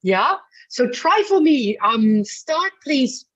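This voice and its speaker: A woman's voice: high-pitched, sing-song, slow. Frank, chatty woman vocal coach. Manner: frank and affectionate, keeps calling the singer darling; blunt, chatty, full of fillers. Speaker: vocal coach leading a masterclass. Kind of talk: masterclass coaching. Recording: dull lo-fi recording.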